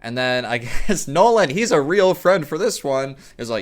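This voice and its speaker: A man's voice: fairly high pitch, big pitch swings, normal speed. A young man telling a rambling, profane story in a casual vlog, often correcting himself. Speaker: storyteller vlogger.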